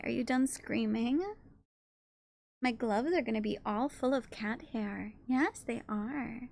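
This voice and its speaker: A woman's voice: a little high, slow pace, vocal fry, a little mellow. A woman streamer chatting casually on a live stream, cooing baby talk to her cats between comments.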